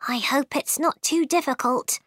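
A woman's voice: high voice, normal speed, a bit bright, no echo, clean studio sound, voice pushed up. A woman voicing a polite, curious young girl in a storybook reading. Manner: polite, wondering.

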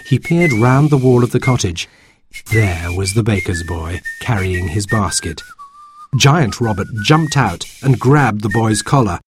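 A man reading a children's storybook aloud in an expressive way. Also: lowish voice, measured pace, a little hiss or hum. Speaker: narrator.

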